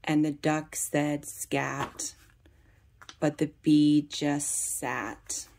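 A woman reading a children's picture book aloud for young readers, in a deliberate, carefully paced storybook manner. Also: sits low, flat delivery, darkish tone, slight background noise.

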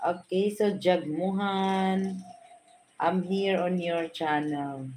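A woman with a Filipino accent hosting a live stream, reading viewers' names aloud and giving shout-outs. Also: lowish voice, slow pace, a little hiss or hum, low-quality recording. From Philippines.

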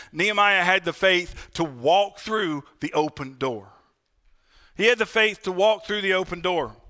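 High, bright-voiced preaching man. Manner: conversational, addresses the congregation as "friends"; asks for "Amen?" responses. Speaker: pastor. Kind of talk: sermon. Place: church.

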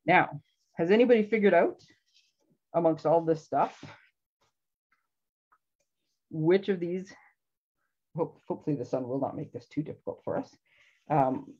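A woman's voice: low voice, animated, unhurried, long pauses, a little mellow, breathy edge, muffled recording. A woman hosting a casual live craft demonstration from her home craft room, chatty and rambling, laughing often. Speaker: craft show host.

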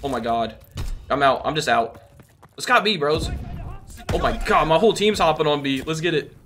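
A man's voice: on the high side, lively intonation, normal speed, fairly bright tone, soft background music. A young man giving chatty, slang-filled live commentary over his gameplay, often exclaiming and laughing. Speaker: gaming youtuber.

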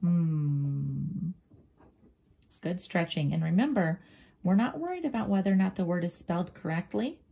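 A woman teacher slowly and gently walking young pupils through a writing lesson, often dropping into a soft near-whisper as she draws and spells. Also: lowish voice, creaky, breathy edge. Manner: slow, gentle, talks directly to young pupils. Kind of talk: children's writing lesson, drawing and thinking aloud.

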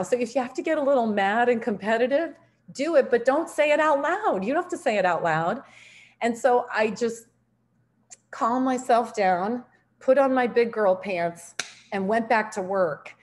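A woman's voice: fairly high pitch, moderate pace. Upbeat woman giving a motivational training talk. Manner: upbeat, animated storytelling with laughs. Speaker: network marketing trainer.

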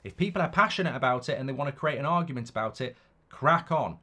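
Male streamer, middle-aged, chatty and opinionated, lively pitch that jumps around. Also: fast talker. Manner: rambling and opinionated, many restarts. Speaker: football watchalong host. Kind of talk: casual live-stream chat reading viewer comments.

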